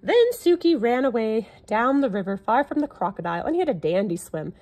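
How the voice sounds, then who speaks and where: A woman reading a classic children's picture book aloud in an expressive storytelling manner. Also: on the high side, brisk.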